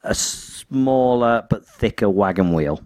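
Wry man, low and dry. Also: expressive, slow, darkish tone, no echo. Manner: storytelling, wry, prone to laughing. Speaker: podcast co-host. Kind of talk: casual chat.

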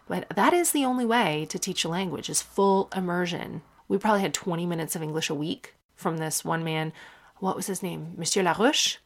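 Gravelly-voiced woman telling wry stories. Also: fairly low pitch, normal speed. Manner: animated, wry, puts on voices for quotes. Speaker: podcast host. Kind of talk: casual storytelling monologue.

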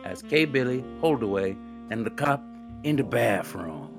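A man co-hosting a podcast, reading trivia aloud and slipping in dry, sarcastic remarks. His pitch swings widely, and guitar music plays behind him. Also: lively intonation, normal speed, vocal fry. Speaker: podcast co-host. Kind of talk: casual podcast banter.

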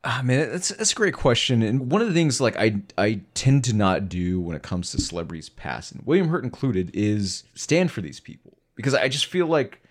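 A man's voice: medium pitch, very animated, moderate pace, few pauses. A man co-hosting a casual podcast, speaking frankly with lots of filler words. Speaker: podcast co-host. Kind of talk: casual chat.

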